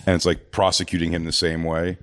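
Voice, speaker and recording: Thirties male podcast co-host, low, dry close mic, loose rambling comic storyteller. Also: level tone, fairly quick, dry recording. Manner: rambling, jumps into loud high-pitched impressions of people he describes. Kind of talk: casual comedic storytelling.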